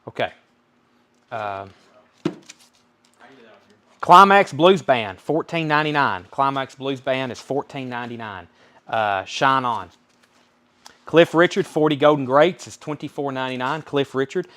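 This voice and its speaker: A man with a Southern US accent runs a live record sale. He reels off album titles and prices in an easygoing, folksy patter at a middle pitch. Between items he calls out the names of buyers. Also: moderate pace, a bit bright. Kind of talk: live-stream sales patter.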